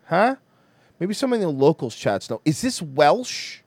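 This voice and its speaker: A man hosting a livestream, chatting casually and swearing a lot. his voice swings up and down with a slightly high pitch, recorded dry and close on a desk mic. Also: normal speed, no room sound. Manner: animated, swears freely, reacts loudly. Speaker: livestream host.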